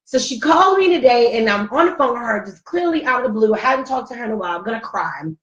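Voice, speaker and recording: A woman's voice: a little high, lively intonation, rapid-fire, a bit bright. A middle-aged woman hosting a casual talk show, telling a personal story in a heartfelt, emotional way. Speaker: host. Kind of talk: casual chat. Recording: roomy, distant, dull-sounding mic.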